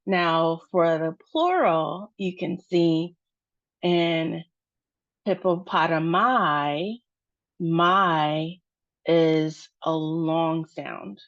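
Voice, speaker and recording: An American woman with a deep voice gives a slow pronunciation lesson, patiently spelling out stress and syllables. The audio is dull, dry and lo-fi.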